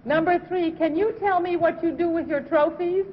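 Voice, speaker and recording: High, wry woman panelist, 1950s TV. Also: fairly even intonation, moderate pace, dull audio, a little hiss or hum. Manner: wry, teasing. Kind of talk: TV panel questioning. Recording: 1950s TV broadcast, reverberant, loud studio audience.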